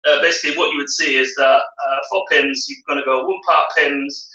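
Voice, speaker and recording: A man with a Yorkshire accent co-hosting a casual live-streamed chat, cracking deadpan jokes. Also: on the high side, a little fast. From Yorkshire, northern England. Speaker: co-host. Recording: dull, roomy sound from a distance off the mic.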